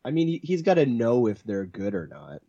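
Male co-host, husky and lively, skeptical, muffled lo-fi recording. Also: medium pitch. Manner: skeptical, quick to laugh and question. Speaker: podcast co-host. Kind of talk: casual chat.

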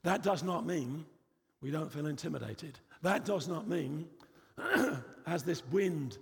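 A man's voice: a little high, gravelly, long reverb tail. A man preaching a sermon in a church, emphatic and repetitive, with frequent rhetorical questions.

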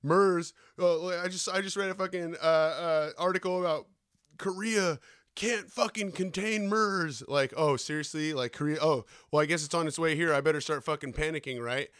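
A man with a fairly high voice hosts a podcast, ranting in a loose, profane and sarcastic way. His talk is full of slang. The recording is dry and close. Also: moderate pace, a bit bright, smooth, no echo. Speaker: podcast host. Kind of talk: profane rant.

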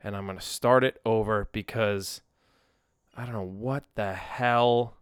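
A rambling man in his thirties chats alone on his livestreamed podcast, full of ums and self-corrections. His voice comes through smooth and resonant, recorded close and dry with almost no room sound. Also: on the low side, steady tone, measured pace, no room sound. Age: 30s. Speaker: musician podcast host. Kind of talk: casual solo podcast chat. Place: home in Nashville. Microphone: tablet and phone livestream.

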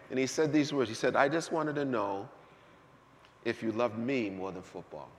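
Male pastor, animated sermon delivery, hushed to shouting, big church hall reverb. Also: medium pitch, normal speed. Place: church sanctuary.

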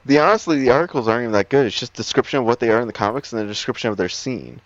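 A man's voice: medium pitch, very fast, dry recording. Easygoing man, dull dry recording. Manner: easygoing, laughs often between items. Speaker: co-host reading out a list. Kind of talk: casual chat.

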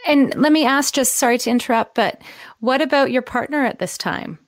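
Gentle, sympathetic woman interviewer. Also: sits high, a little fast, dry recording, clean studio sound. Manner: gentle, sympathetic, shares her own experience. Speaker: podcast host. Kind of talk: empathetic interview conversation.

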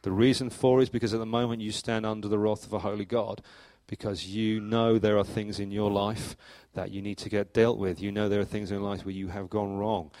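A middle-aged man preaching a sermon as church leader, telling stories in a lively way with sudden rises in pitch and loudness. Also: fairly quick, hardly any pauses, dry recording. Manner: animated storytelling, acts out anecdotes with jumps in pitch and volume. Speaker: pastor.

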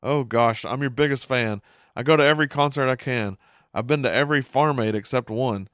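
A man voicing a fretful, earnest middle-aged cartoon dad with a strained, high voice. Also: a little fast, fairly bright tone, no room sound, studio quality, lightly acted. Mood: flustered fan.

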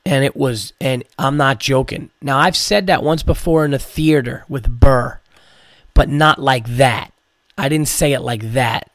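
A man's voice: mid-range voice, measured pace, no room sound, studio quality. A man from New York, a comedian and podcast host, telling a rambling, profane story with many restarts, tired from medicine. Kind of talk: casual storytelling.

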